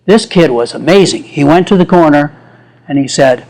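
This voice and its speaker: An older man, a psychologist, giving an animated storytelling lecture. He laughs often and acts out the quotes in his stories. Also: fairly high pitch, normal speed, creaky, poor audio.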